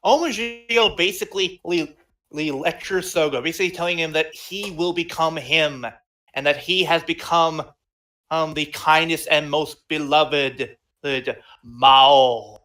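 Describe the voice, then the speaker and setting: A man co-hosting a podcast over an online voice call, recapping episodes in a casual, excitable way with frequent restarts. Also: a little high, unhurried. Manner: excitable, restarts sentences, exasperated outbursts. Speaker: podcast co-host.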